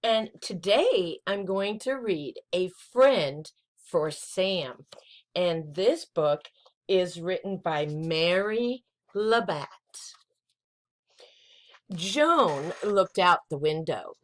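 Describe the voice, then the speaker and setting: A woman's voice: fairly low pitch, expressive, very slow. A woman hosting a children's storytime, reading a picture book aloud.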